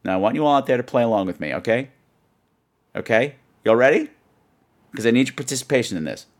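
A man hosting a podcast, telling comic stories in an animated way and jumping in and out of put-on voices. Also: medium pitch, fast talker. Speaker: podcast host. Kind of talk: comedic storytelling monologue. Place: New York.

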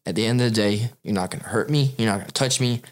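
A man's voice: lowish voice, fast talker. A man ranting on a casual podcast, boastful and heavy on the swearing. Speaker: podcast co-host. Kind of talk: casual profane podcast chat.

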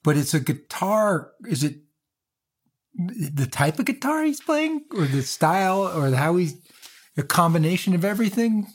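A man's voice: high-pitched, very animated, measured pace. Curious male interviewer. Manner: curious, searching, rephrases questions. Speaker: interview host. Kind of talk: interview questions.

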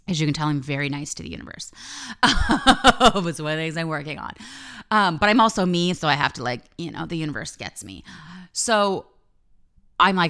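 A woman with a low voice and a gravelly edge, talking as a life coach in a podcast monologue. Her tone stays smooth and resonant underneath the fry, and she speaks candidly, swears freely, and leans hard on key words. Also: normal speed, fairly bright tone. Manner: candid and profane, emphatic storytelling.

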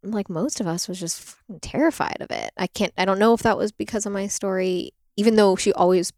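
Chatty young woman with a gravelly edge. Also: medium pitch, a little fast, no room sound, studio quality. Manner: animated storytelling, frequent "like", acts out quoted voices. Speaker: interview guest, doula and product maker. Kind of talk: casual conversational interview.

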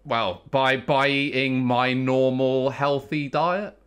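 A man's voice: mid-range voice, fairly even intonation, takes it slowly, a bit bright, smooth. A man who is a regular guest on a talk show, rambling and self-mocking in casual chat.

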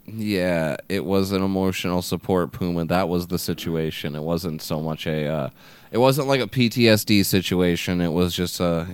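A man's voice: deep voice, steady tone, moderate pace, clean tone, no echo. A man co-hosting a podcast, telling rambling anecdotes with heavy swearing and filler. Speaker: podcast co-host. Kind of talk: casual chat.

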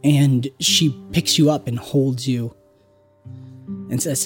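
A game master narrating a tabletop role-play scene in a slow, soft storytelling manner. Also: mid-range voice, faint music behind. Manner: slow, drawn-out storytelling with soft drops in volume.

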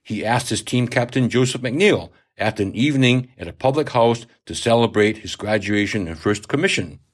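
A man, the author, reading a historical novel aloud in measured narration. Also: medium pitch, animated. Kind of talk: audiobook reading.

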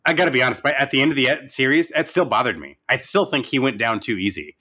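A man co-hosting a casual show review, talking in an animated way, swearing and acting out scenes. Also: mid-range voice, quick pace. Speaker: podcast co-host. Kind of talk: casual chat reviewing a TV series.

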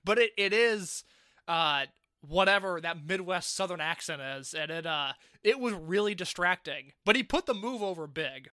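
A man's voice: high-pitched, expressive, moderate pace, sharp tone, no echo, clean studio sound. A man co-hosting a podcast, giving laid-back, wry commentary in a casual chat. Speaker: podcast co-host. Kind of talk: casual chat reviewing a wrestling show.

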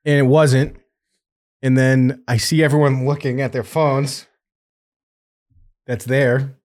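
A man's voice: medium pitch, flat delivery, slow, a little mellow, slight background noise. A man hosting a podcast, telling a story in casual chat, laughing and swearing often. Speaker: podcast host.

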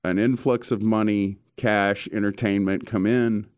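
A man hosting a casual chat, telling stories in an animated way with casual swearing. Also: lowish voice, a little slow, clear, resonant tone, dry recording, studio quality.

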